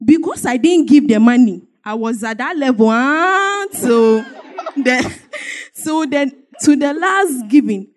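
A woman's voice: sits high, expressive, takes it slowly. A woman giving an emotional church testimony, telling her story emphatically with repetition and bursts of laughter.

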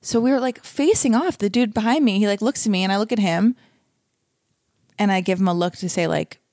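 A woman's voice: medium pitch, brisk, darkish tone, no echo, clean studio sound. A young woman telling a story in a casual chat, acting out both sides of the dialogue.

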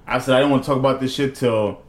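A man co-hosting a podcast, casual and joking, getting loud when he teases. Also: mid-range voice, fairly even intonation, quick pace, echoey room. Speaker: podcast co-host. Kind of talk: casual chat.

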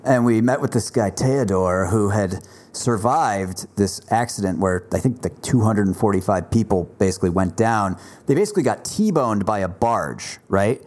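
A man hosting a podcast, telling stories in casual chat with relaxed filler words. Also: fairly low pitch, normal speed. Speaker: podcast host.

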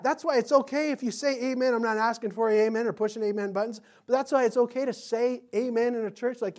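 Middle-aged male pastor, animated sermon delivery, acts out voices, chuckles. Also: very high-pitched, fast talker, hardly any pauses.

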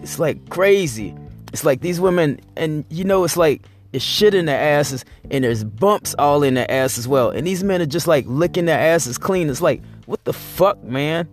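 A man's voice: fairly high pitch, animated, moderate pace, faint music behind. A man hosting his weekly show, talking in a blunt, rambling, profane casual monologue. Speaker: host.

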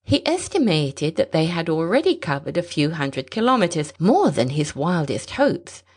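A woman narrating a story in a measured, expressive way. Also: low-pitched, slightly rough. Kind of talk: storybook reading.

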